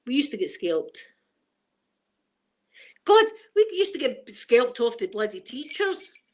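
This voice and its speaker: A woman's voice: a little high, sing-song, slow pace, a little mellow. A middle-aged woman with a Glaswegian Scottish accent, hosting a casual ASMR chat and rambling through stories full of local slang. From Scotland. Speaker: ASMR channel host.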